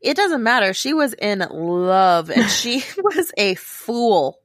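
A woman's voice: medium pitch, slow pace, no room sound, clean studio sound. Chatty woman podcast co-host. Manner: animated, laughing, acts out quotes. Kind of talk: casual chat.

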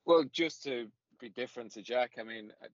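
A man's voice: mid-range voice, a little fast, no echo. A man guesting on a comedy podcast, dry and wry. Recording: dry dull lo-fi sound.

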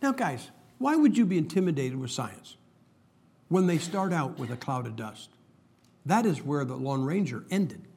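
A man's voice: fairly high pitch, very animated, normal speed, a little mellow, breathy edge. A man preaching a humorous sermon, telling stories and making emphatic points with jokes. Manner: joking, storytelling, emphatic preacher.

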